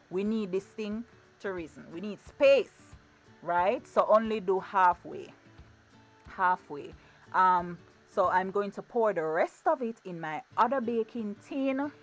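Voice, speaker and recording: A woman talks her viewers through a recipe in her kitchen. Her manner is chatty and playful, full of repeated phrases. Her voice sits at a middle pitch, with soft music playing faintly underneath. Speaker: cooking vlogger. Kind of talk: casual cooking demonstration. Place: home kitchen.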